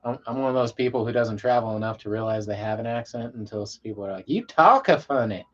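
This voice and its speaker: A man from Colorado chats loosely to his viewers at the end of a late-night livestream. His talk rambles and sinks to a low mumble, and the sound is dull and lo-fi. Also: flat delivery, fast talker, a little mellow. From Colorado, USA. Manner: laid-back, rambling, drops to a mumble. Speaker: livestream host.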